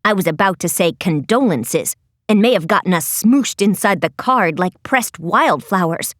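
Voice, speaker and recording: A woman's voice: medium pitch, expressive, moderate pace, dry recording, clean studio sound, pitched below the performer's own voice, close to an everyday voice. A woman reading an audiobook, voicing an imperious, bossy teenage princess who talks in clipped, haughty commands. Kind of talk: audiobook character voice.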